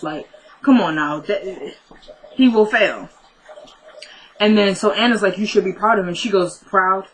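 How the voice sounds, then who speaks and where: Woman, casual recapper, bright and forceful tone, chatty, quotes characters as she retells scenes. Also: mid-range voice, low-quality recording. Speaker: TV episode recapper.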